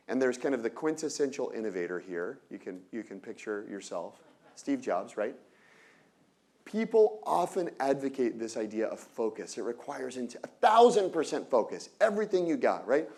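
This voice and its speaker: A man giving an energetic lecture on innovation to an audience, often asking rhetorical questions and breaking off into quick asides. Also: mid-range voice. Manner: energetic, peppered with rhetorical "right?"; asides and self-corrections.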